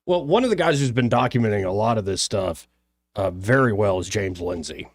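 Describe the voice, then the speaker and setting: A man's voice: lowish voice, expressive, a little fast, dry recording. Southern guy w/ alabama accent hosting talk radio, chatty, dry close studio mic. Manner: chatty, joking with studio crew. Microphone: studio microphone.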